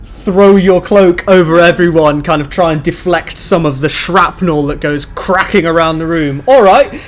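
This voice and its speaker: Male game master, high voice, dramatic narration, soft music under it. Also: normal speed. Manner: lively, dramatic scene narration.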